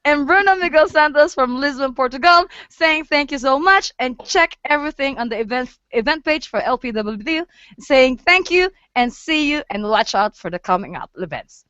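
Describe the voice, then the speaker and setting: Host: giggly woman with a high voice, dry dull lo-fi call audio. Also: lively intonation, moderate pace, sharp tone, no echo. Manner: giggly, easily distracted. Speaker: host of an online photowalk show. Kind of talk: casual chat announcing an event.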